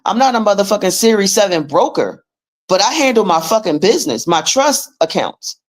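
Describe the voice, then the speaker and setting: A woman's voice: medium pitch, very animated, fairly quick. A woman hosting a livestream, ranting in a blunt, profane and emphatic way as she urges listeners to take charge of their money. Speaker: livestream host teaching finance paperwork. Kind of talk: casual livestream rant.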